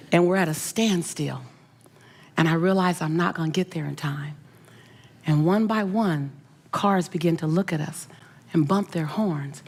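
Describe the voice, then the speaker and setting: A middle-aged woman, a motivational speaker, telling an emotional personal story with animated, emphatic delivery and repeated phrases. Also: fairly low pitch, creaky, breathy edge.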